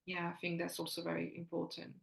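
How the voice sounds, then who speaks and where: A woman's voice: fairly low pitch, completely flat delivery, gravelly. Earnest woman in a roomy echo. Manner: earnest, encouraging, halting with restarts. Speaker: guest, fertility mindset coach. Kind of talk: earnest podcast interview talk.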